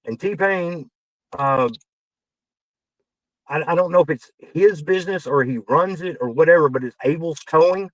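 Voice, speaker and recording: A man, a wrestling veteran guest on a podcast, telling backstage stories in a casual, animated way, acting out quoted dialogue and swearing as he gets heated. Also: a little high, normal speed, pauses often, no echo, poor audio. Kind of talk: casual storytelling.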